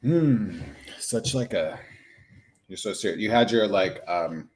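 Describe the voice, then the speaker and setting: A man's voice: lowish voice, animated, takes it slowly, darkish tone. A man in his thirties, a nurse practitioner talking casually and animatedly on a livestream with lots of fillers.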